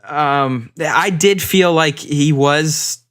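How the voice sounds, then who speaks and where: A man's voice: on the high side, extremely slow, a bit bright, smooth. A man co-hosting a casual podcast chat, easygoing and casual, steering topics and swearing offhand. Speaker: podcast co-host.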